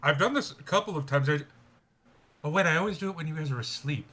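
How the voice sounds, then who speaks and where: A man's voice: on the high side, fast, pushed and bright. A man playing a tabletop game, joking and laughing often. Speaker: player. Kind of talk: casual tabletop game chat.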